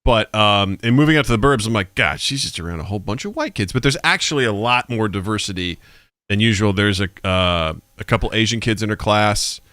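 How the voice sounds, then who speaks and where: A man co-hosting a podcast in casual chat, an animated storyteller who acts out family voices and swears freely. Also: lowish voice, fairly quick, no echo. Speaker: podcast co-host.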